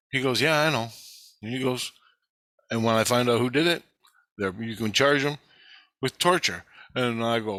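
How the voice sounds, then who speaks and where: A man tells a long, rambling first-person story, swearing heavily and growing more agitated as he goes. His voice is bright and forceful, and he quotes the people in his story without changing his own voice. The recording is dry and close. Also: mid-range voice, moderate pace, no room sound. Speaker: vlogger recounting experiences.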